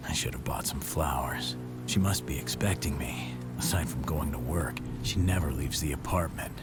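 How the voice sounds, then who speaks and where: An actor playing a hard, guarded grown son in a horror game, curt and swearing, with whispered inner thoughts. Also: male voice, very deep voice, moderate pace, over loud music. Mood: brooding. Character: gruff adult male son, hard and guarded. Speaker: game character.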